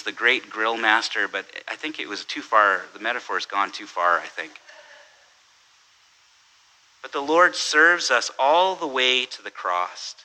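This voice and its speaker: Pastor guy giving a chatty sermon, really bright tense voice, keeps saying right?. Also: mid-range voice, poor audio. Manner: conversational, self-correcting, tells jokes with quoted voices; repeats words and asks "right?". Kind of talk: sermon with humorous story.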